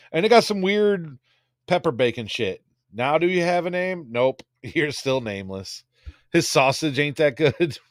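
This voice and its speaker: A man's voice: mid-range voice, no room sound, studio quality. A man hosting a casual livestream, rambling crudely and reading out viewer comments. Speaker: livestream host.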